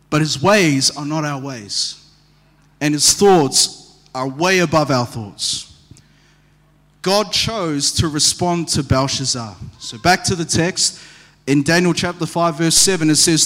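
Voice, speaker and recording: A man preaches with a high voice and a lively storytelling manner, tossing in humorous asides. His words ring out with a long reverb in a church hall. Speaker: pastor. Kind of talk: sermon.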